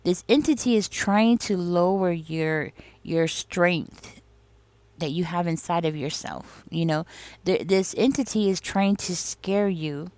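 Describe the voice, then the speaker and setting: The voice belongs to a woman reading tarot: fairly low, darkish in tone, and unhurried, with no room sound. She rambles casually and confides, speaking directly to the listener and leaning on "you know" and "like" a lot.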